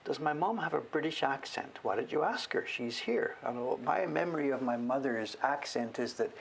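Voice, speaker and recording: Older guy from canada rambling on a live stream while he carves, gravelly voice, easygoing. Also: medium pitch, expressive, normal speed, slight background noise. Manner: rambling, chatty, talks while he works. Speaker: woodblock printmaker streaming live. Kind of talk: casual livestream chat while carving.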